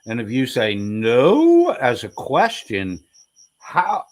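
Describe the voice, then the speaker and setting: A man's voice: medium pitch, wildly swooping pitch, slow. A man commentating heatedly over replayed clips, mocking and taunting in a profane way. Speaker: streamer reacting to clips.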